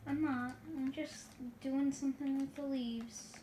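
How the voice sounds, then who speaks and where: A woman's voice: high-pitched, steady tone, unhurried, mellow, a little hiss or hum. A woman co-hosting a gaming video, talking hesitantly with many fillers and giggles. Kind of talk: casual gameplay chat.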